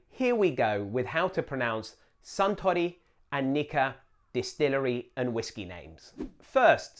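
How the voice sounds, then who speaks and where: A man hosting a show, giving a scripted educational narration in a clear, deliberate explainer manner. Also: medium pitch. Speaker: host.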